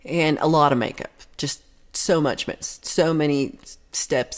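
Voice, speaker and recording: A woman's voice: sits low, moderate pace. A woman hosting a livestream, telling a long story in a casual, rambling way with many restarts. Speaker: livestream host.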